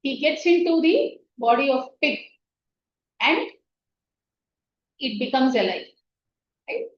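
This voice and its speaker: A meditation teacher tells a spiritual story, unhurried and often checking in with "right?" Her voice sits high and is very animated. The recording is distant and echoey on a dull, lo-fi track with a little hiss or hum.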